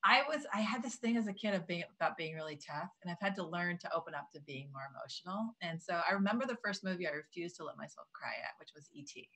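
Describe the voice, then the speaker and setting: Woman podcast co-host, lower register, casual, self-deprecating chatter. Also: lively intonation, quick pace, hardly any pauses, sharp tone. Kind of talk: casual chat.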